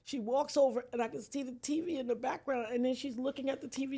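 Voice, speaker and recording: A woman's voice: sits high, fairly even intonation, quick pace, hardly any pauses, husky. A woman, a podcast guest, telling a dramatic personal story and acting out the voices of others. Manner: dramatic, acts out quoted voices, swings from hushed to near-shouting. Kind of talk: emotional storytelling.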